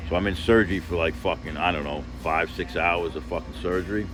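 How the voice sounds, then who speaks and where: Deep-voiced man telling a raw story. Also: steady tone, fairly quick, over music. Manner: profane, rambling, emotional, full of fillers. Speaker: vlogger telling a personal story. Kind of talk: casual storytelling monologue.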